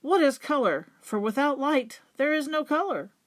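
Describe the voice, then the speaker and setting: Squeaky high forest critters all confused, lady reader doing the voices, storybook. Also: animated, moderate pace, dry recording. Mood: bewildered. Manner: squeaky, wondering questions. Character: crowd of bewildered forest animals. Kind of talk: children's storybook reading.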